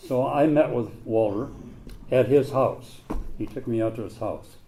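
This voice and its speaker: A man's voice: medium pitch, a little slow, background noise. An older man telling his own recovery story to a group, blunt and plain-spoken, with some mild swearing. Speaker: recovery meeting speaker.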